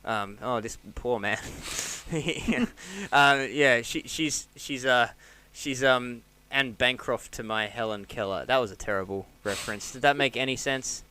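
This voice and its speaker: Casting: Australian male comedian, crisp bright voice, rambling self-deprecating storyteller. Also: medium pitch, measured pace. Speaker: comedian podcast guest. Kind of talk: casual comedic chat.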